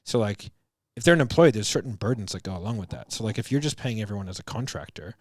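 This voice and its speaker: A man's voice: fairly low pitch, lively intonation, quick pace, dry recording, studio quality. A man in his thirties telling stories in casual chat, swearing often, laughing through them and acting out what people said. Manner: fillers like "like" and "bro", acts out quotes. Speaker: business coach and podcast guest.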